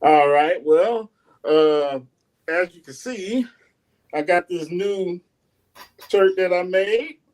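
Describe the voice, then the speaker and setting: A man's voice: sits high, takes it slowly, pauses often, a little mellow. A man, a guest artist, telling a story and showing his work in a casual, rambling way. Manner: rambling, many fillers and restarts, chuckles.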